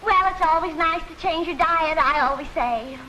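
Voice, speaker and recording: A woman's voice: extremely high pitch, moderate pace. An actress playing a scatterbrained, fluttery woman in 1940s film comedy dialogue. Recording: old film soundtrack with noise.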